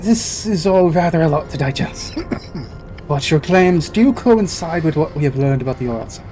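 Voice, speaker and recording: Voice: medium pitch, lively intonation, normal speed, warm tone, soft background music, close to an everyday voice. A player doing a solemn, grave guardian. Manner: formal dialogue read aloud, stumbling into giggles.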